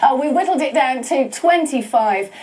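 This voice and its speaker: Giggly female morning-show presenter, a touch high, heard from a distance. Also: expressive, normal speed, a little mellow. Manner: chatty, giggly. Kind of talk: breakfast TV banter. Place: TV studio.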